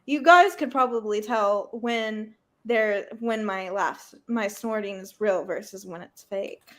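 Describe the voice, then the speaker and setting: A woman's voice: mid-range voice, slow, fairly bright tone. A young woman from Nebraska co-hosting a live reading stream in casual chat, giggly and chatty with snorting laughs. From Nebraska, USA.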